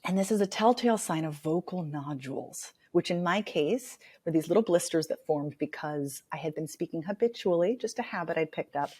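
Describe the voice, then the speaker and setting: A woman's voice: deep voice, fairly quick, few pauses, husky. Woman, 30s, talkative dialect coach, casual interview storyteller. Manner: chatty, animated storyteller. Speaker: speech and dialect coach, author.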